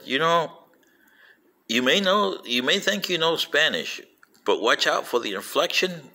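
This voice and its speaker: Older male storyteller, gravelly and bright-toned, animated delivery full of quoted voices. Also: mid-range voice. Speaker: vlogger playing an alien commentator. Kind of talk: rambling anecdotal monologue.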